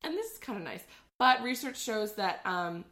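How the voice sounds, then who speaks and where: A woman's voice: mid-range voice, expressive, normal speed, fairly bright tone. A woman co-hosting a podcast in casual chat, explaining where phrases come from, with lots of fillers. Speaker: podcast co-host. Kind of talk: casual chat sharing trivia.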